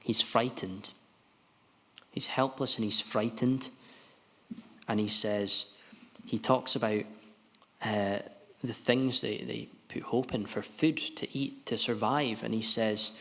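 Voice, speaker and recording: A man preaching a sermon in an earnest, halting way, often restarting his sentences. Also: lowish voice, steady tone, bright, forceful tone. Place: gospel hall. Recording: long hall reverb.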